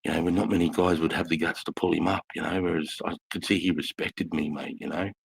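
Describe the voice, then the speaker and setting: Very deep, gravelly Aussie bloke. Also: male voice, steady tone, fast, no room sound. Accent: Australian. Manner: blunt, profane, matey. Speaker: podcast co-host, ex-army. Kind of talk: casual storytelling.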